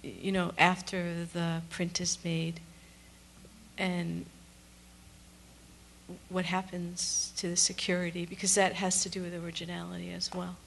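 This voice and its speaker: A woman's voice: on the low side, monotone, a little slow, vocal fry, long pauses, slight background noise. A woman in the audience asking the panel a tentative, hesitant question.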